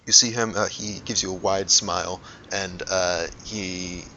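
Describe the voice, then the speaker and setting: A man's voice: deep voice, fairly even intonation, measured pace, bright, forceful tone, a little hiss or hum. A man narrating a tabletop game as game master, rambling with many fillers, on a dull lo-fi recording.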